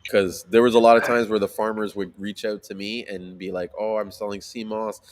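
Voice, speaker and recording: A man telling a story in casual chat, animated, swearing freely and using lots of fillers. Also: on the low side, fairly quick. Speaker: sea moss seller.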